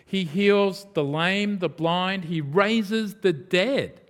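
Emphatic male preacher, slightly high voice. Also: slow pace, big-room sound. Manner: emphatic, dramatic swings of pitch and volume. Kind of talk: sermon.

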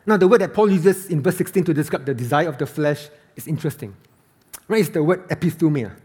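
A man's voice: a little high, lively intonation, quick pace, darkish tone, slightly rough. A man preaching an earnest, emphatic sermon as a pastor, reading scripture aloud.

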